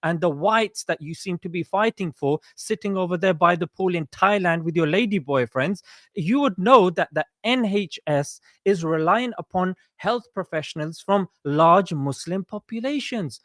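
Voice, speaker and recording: A man's voice: high voice, lively intonation, moderate pace, a bit bright, no room sound, clean studio sound. A young man in a heated live audio debate who rattles off statistics and keeps saying "mate". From Britain.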